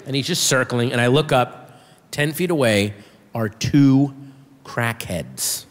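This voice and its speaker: A man doing a stand-up comedy set, telling a story with animated delivery and shouting his punchlines. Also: medium pitch, slow. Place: comedy club stage with audience. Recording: reverberant room with faint audience.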